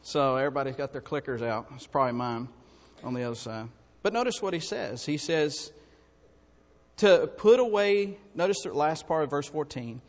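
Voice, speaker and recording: A high-pitched man preaching a sermon in a church hall with a long reverb, rising from quiet asides to loud, climbing calls. He restarts his sentences and jokes with the congregation, and the room rings out behind each phrase. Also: lively intonation, normal speed. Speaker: pastor. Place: church sanctuary.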